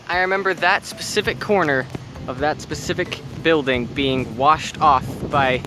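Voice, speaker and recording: Music plays beneath this casual vlog narration as a young man jokes his way through a road trip and a college campus visit, both outdoors and in the car, sometimes putting on silly voices. He speaks at a moderate pace in a voice on the high side.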